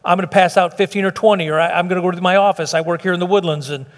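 Middle-aged pastor, high voice. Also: male voice, steady tone, very fast. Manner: conversational preaching with restarts and acted quotes. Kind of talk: sermon. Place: church sanctuary. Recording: long hall reverb.

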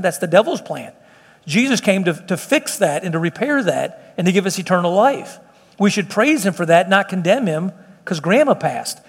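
A sermon comes from a middle-aged pastor in a church meeting room, delivered in a high voice that carries a long reverb tail. He talks earnestly, in a conversational way, frequently restarting what he's saying.

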